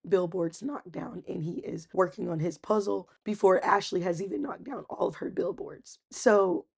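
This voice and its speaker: Woman, husky, gravelly, chatty TV recap, acts out quotes. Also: lowish voice, normal speed. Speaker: recap host. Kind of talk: casual TV recap.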